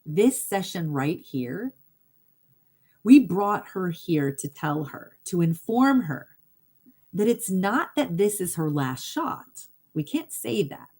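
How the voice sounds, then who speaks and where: A woman's voice: lowish voice, very animated, takes it slowly, a little mellow, breathy edge. A woman hypnotherapist hosting a casual live talk, speaking earnestly and straight to her viewers, with easy laughs between thoughts. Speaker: hypnotherapist and livestream host.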